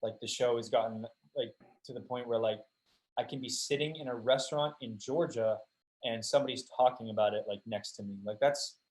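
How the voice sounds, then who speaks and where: A young man, a guest actor, chatting casually on a podcast, telling animated stories, swearing freely and laughing often. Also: medium pitch, a little fast, low-quality recording.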